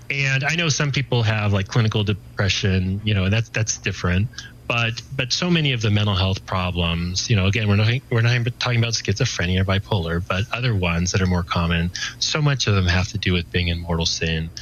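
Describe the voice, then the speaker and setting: A man's voice: low voice, a little fast, fairly bright tone, highs cut off. A man in his forties, a guest telling his personal faith testimony in casual, earnest talk, full of "you know" and restarts.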